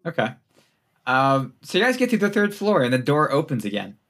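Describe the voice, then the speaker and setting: A man's voice: a little high, big pitch swings, a little fast, a bit bright. Casual male game master. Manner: loose and chatty, many fillers, laughs often. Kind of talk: narrating a tabletop game.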